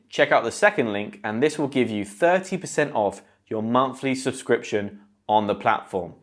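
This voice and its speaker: A British man with a British English accent, teaching English pronunciation to camera and slowly repeating words clearly. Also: medium pitch. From Britain.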